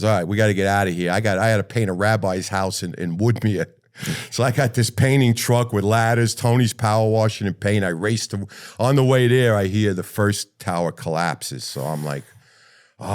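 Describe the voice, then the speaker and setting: An older man with a New York accent telling a rough, profane story as a retired firefighter in an interview. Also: on the low side. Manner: blunt, profane, lively retelling.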